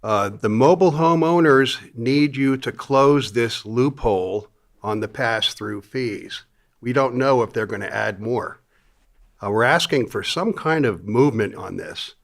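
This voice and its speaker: A man speaking at public comment in a county meeting, plain-spoken and a little halting as he appeals to the board. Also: medium pitch, creaky. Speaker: public commenter, mobile home resident.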